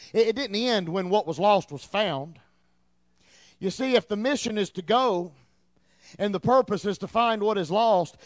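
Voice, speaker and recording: A man in his thirties preaching a sermon in church, telling a story in an animated way and repeating words as he gets excited. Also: high-pitched, no room sound, studio quality. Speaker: pastor.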